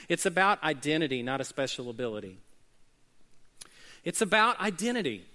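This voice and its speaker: A man's voice: high voice, bright, forceful tone. A man preaching a sermon as pastor to a congregation, rising and dropping his voice for emphasis. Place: church service with congregation.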